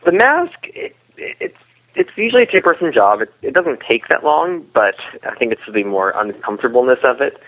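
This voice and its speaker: A man's voice: medium pitch, big pitch swings, fairly quick. A man co-creator of a web series, explaining the production as a podcast guest, with restarts and chuckles. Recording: tinny phone line.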